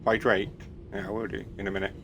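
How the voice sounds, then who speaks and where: A man's voice: on the low side, level tone, fast, a bit bright, slight background noise. A man chatting casually on a live stream, rambling and self-deprecating.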